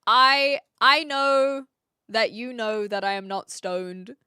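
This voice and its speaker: A woman's voice: on the high side, steady tone, slow, bright, forceful tone, clean tone, dry recording, clean studio sound. A woman streamer chatting casually while reacting to videos, often exasperated and arguing with her chat.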